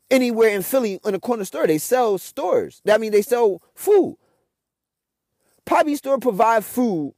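A man's voice: extremely high pitch, a little mellow, no room sound, clean studio sound. A young man, ranting with frustration and heavy cursing in a casual monologue as a podcast host.

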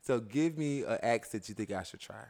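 A man's voice: medium pitch, normal speed, gravelly, darkish tone, no room sound. A man from Tennessee, co-hosting a casual podcast chat, playful and teasing. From Nashville, Tennessee. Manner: playful, teasing, swears freely. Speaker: podcast co-host.

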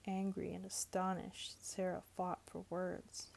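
A woman narrating a novel aloud in a measured, even storytelling manner. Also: medium pitch, creaky, slightly rough. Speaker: audiobook narrator. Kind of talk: storybook reading.

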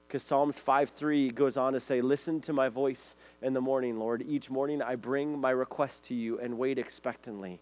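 Male pastor, mid-pitched, earnest sermon delivery with scripture readings, faint hum under the voice. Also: steady tone, normal speed, darkish tone.

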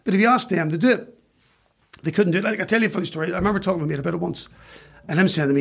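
A middle-aged man with a Northern Irish accent, chatting as a podcast guest and telling self-mocking stories in an animated way. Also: sits high, racing, vocal fry. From West Belfast, Northern Ireland. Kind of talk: casual storytelling.

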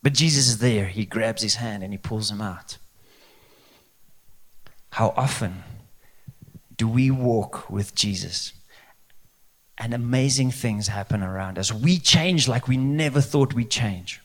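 A man's voice: on the low side, unhurried, long pauses. A male pastor preaching a conversational sermon, asking rhetorical questions. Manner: lively, conversational, asks the crowd rhetorical questions.

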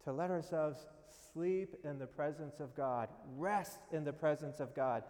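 A man giving a homily as a priest, gentle, unhurried and prayerful. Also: fairly high pitch. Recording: long reverb of a large hall.

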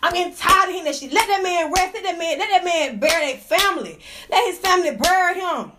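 A woman's voice: very high-pitched, animated, fast, noisy background. A woman hosting a casual gossip livestream from indoors, talking into her phone, profane and fired up, laughing often. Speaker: livestream host.

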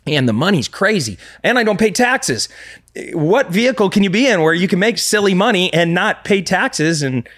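A man's voice: high-pitched, sing-song, normal speed, a bit bright. A man in his thirties, a real estate investor talking earnestly as a podcast guest, often restarting sentences. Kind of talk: casual podcast conversation.

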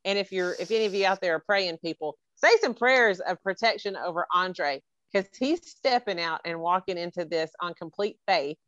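Woman podcast host on a video call, earnest and emotional, lowish voice, dry, slightly muffled sound. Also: moderate pace, hardly any pauses, fairly bright tone, no room sound. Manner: earnest, emotional, full of praise. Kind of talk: heartfelt podcast chat over a video call.

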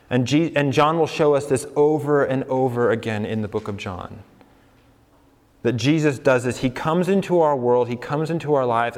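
Young man preaching casually to a congregation, talks with them, in a reverberant hall. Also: mid-range voice. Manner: conversational, asks the congregation questions, laughs along. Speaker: pastor. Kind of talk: sermon.

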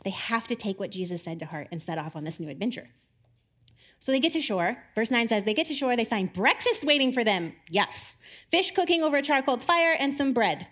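A woman's voice: fairly high pitch, lively intonation, fairly quick, a bit bright. A young woman giving a casual sermon, chatty and self-deprecating, laughing often and acting out the people she quotes. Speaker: preacher.

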